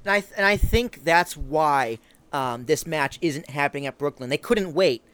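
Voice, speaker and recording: A young man co-hosting a casual podcast, brash and crude, joking loudly and talking over his partner. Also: fairly high pitch, expressive, moderate pace, clean tone, no echo. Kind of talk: casual chat.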